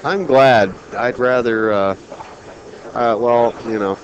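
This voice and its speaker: A man's voice: medium pitch, takes it slowly, dull audio, a little hiss or hum. A man co-hosting a pool stream, playful and jokey, reading viewer comments aloud between shots. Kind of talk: joking live pool commentary.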